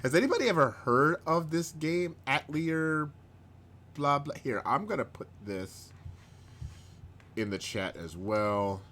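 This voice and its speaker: A man hosting a live stream in casual chat, rambling, chuckling often and bursting into excited outbursts. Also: fairly high pitch, measured pace, a little hiss or hum. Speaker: host of a live-streamed show.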